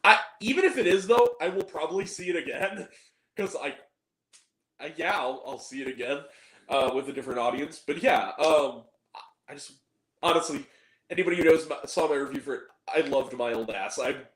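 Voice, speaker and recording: Guy signing off his movie review vid, rambly and chatty, voice a bit high, roomy echo. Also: moderate pace, a bit bright. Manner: rambling, chatty, swears casually. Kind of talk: casual video outro.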